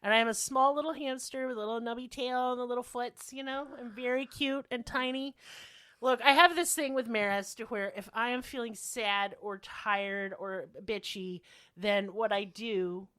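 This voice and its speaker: A woman's voice: on the high side, steady tone, normal speed, sharp tone, smooth, no echo, studio quality. A woman co-hosting a podcast in casual chat, sassy, profane and self-mocking. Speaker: podcast co-host.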